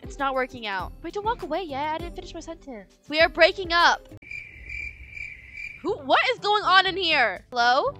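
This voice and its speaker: A young woman hosting a casual let's-play, talking in an excitable, dramatic and playful way. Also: very high voice, moderate pace, faint music behind. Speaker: gaming channel host.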